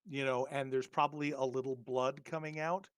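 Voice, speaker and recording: A man's voice: mid-range voice, steady tone, normal speed, no echo, clean studio sound. Hesitant man narrating as game master. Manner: hesitant, many filler words. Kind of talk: narrating a tabletop horror game.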